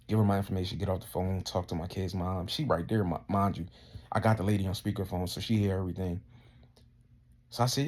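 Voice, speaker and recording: A man's voice: low voice, fairly even intonation, quick pace, a little mellow. A man ranting heatedly and indignantly, full of profanity, his voice climbing as he gets worked up. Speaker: vlogger. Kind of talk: casual profane rant to camera.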